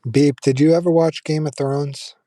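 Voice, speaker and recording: Male streamer, relaxed rambling talk, warm low tone, dry booth sound. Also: moderate pace, no room sound. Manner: relaxed, rambling, frequent fillers and restarts. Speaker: streamer chatting with viewers. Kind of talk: casual live-stream chat.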